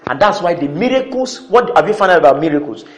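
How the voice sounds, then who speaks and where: A man with a high voice preaches in a church. He leans hard on key words, repeats them and pulls answers from the congregation. The sound rings around a roomy hall. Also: very animated, fast. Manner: emphatic, repeats key words, calls for responses. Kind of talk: sermon.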